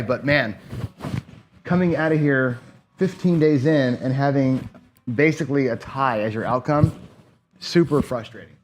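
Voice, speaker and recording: Male gambling host, casual rambling play-by-play, salty language, faint hiss underneath. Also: mid-range voice. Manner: rambling, profane, talks to himself while playing.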